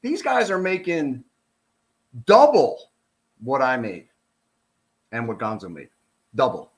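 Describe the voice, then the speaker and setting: Speaking slowly at a medium pitch, a middle-aged man from the United States, retired from the police, reads a report and reacts casually, bluntly and profanely, getting animated and heated.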